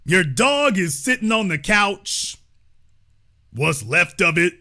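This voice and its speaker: Sarcastic, bright-voiced male host. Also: sits high, big pitch swings, takes it slowly. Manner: mocking, sarcastic taunting of a caller; repeats phrases for emphasis. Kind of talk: live call-in commentary.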